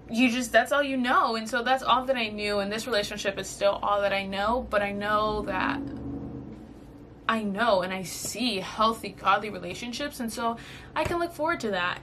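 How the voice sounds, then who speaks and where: Bright-toned young woman sharing earnest advice. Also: medium pitch, a little hiss or hum. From Southern California. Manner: earnest, emotional, rambling with fillers. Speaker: podcast host. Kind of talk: casual faith-based advice talk.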